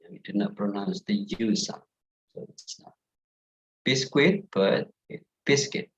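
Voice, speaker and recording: A man's voice: lowish voice, slow pace, poor audio. A young man with an Indonesian accent teaching English pronunciation in an online class, saying each word again and again to contrast the right and wrong ways.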